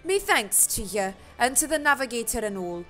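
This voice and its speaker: A woman voicing a gruff, jovial tavern keeper man in a put-on old sailor brogue, with rough, drawled speech. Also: a little high, sing-song, normal speed, pushed and bright, soft background music. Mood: hearty. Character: gruff pirate-ish tavern keeper man, hearty and boastful.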